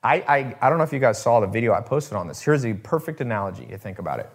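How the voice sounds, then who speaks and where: A man's voice: medium pitch, very animated, fast, slightly rough. A man hosting a casual talk to his viewers, rambling with restarts and swearing, acting out the people he quotes. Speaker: host.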